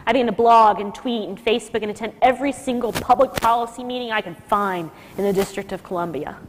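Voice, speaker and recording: A woman with a high voice tells a personal story to a live audience, emotional and lively as she acts out the people she quotes. Her voice rings in a lecture hall with a long echo tail. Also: fast talker, slight background noise. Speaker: speaker at a nursing school talk.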